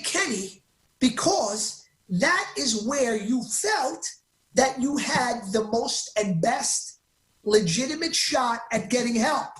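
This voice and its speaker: Speaking as a guest on an interview, a very high-pitched man relates his story with eager emphasis and keeps cutting off his own sentences. The recording is reverberant.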